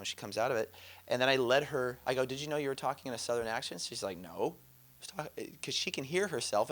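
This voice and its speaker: A man with a bright, forward voice teaches about inner healing in a relaxed, conversational way. He tells animated stories, quotes other people, and laughs often as he goes. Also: medium pitch.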